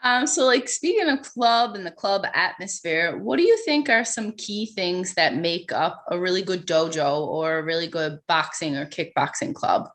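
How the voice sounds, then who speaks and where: Young female host, low-pitched and upbeat, chatty interview tone. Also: lively intonation, moderate pace, few pauses, fairly bright tone. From Newfoundland, Canada. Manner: upbeat, laughs often, says "like" a lot. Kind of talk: casual interview chat.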